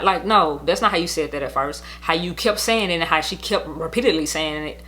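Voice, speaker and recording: A woman's voice: lowish voice, fairly quick, few pauses, a bit bright. A young woman telling her custody story in a casual storytime monologue, blunt, heated and profane, rambling as she goes.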